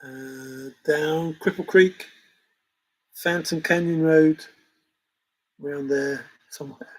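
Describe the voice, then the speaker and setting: Reacting to chat comments with chuckles, a male livestream host rambles through casual conversation. He speaks slowly in a steady, a little high voice, and the audio is poor.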